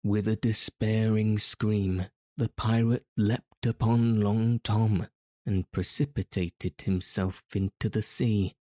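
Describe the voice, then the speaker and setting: A man narrates a story in a deep, dark, mellow voice. He reads slowly and steadily, with very little rise and fall. The sound is close and dry. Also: dry recording. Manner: measured, even storytelling. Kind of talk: audiobook narration.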